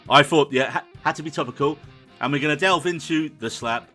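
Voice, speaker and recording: A man hosting a film and TV podcast in casual chat, brisk and teasing as he runs through the rundown. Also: fairly high pitch, pushed and bright, faint music behind. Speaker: podcast host.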